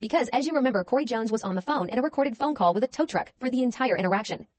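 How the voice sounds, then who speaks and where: A woman's voice: on the high side, lively intonation, very fast, darkish tone, dry recording. A woman giving scripted true-crime narration in a pointed, sardonic tone.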